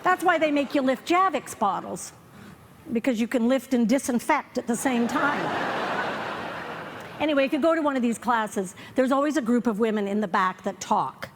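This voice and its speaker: Older lady doing standup, high voice, wry self-mocking bits, live stage mic. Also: background noise. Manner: wry, self-mocking, acts out characters in quick asides. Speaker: stand-up comedian. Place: comedy festival stage before a live audience.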